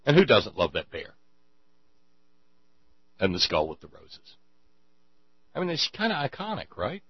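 A man's voice: mid-range voice, wildly swooping pitch, a little slow, husky, dry recording. A man hosting a political commentary monologue, sarcastic and given to stammering restarts, on a dull lo-fi mic with mains hum. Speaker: show host.

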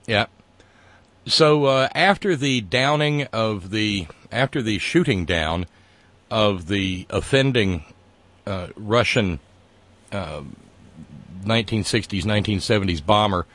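Low-voiced guy rambling sarcastically, lots of uh and restarts, dry close mic. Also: a bit bright, no room sound. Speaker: podcast co-host. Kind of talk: casual political banter.

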